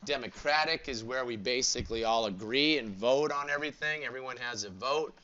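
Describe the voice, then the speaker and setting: Guy teaching a class, bright sharp voice, keeps going "right?", muffled lo-fi recording. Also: mid-range voice, fairly quick, a little hiss or hum. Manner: quizzes class with rhetorical "what?" and "right?"; chatty, digressive, joking asides. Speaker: college instructor. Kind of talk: classroom lecture.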